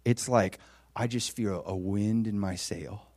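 A man preaching a sermon in a conversational, animated way, swinging from loud exclamations to hushed, near-whispered lines and acting out quoted voices. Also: lowish voice, unhurried. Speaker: pastor.

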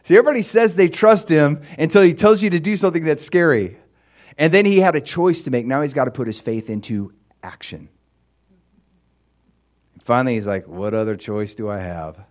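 A male pastor preaching in a casual, storytelling manner. His pitch moves widely as he speaks. He talks to the congregation in a relaxed, conversational way. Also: brisk, long pauses. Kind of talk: sermon.

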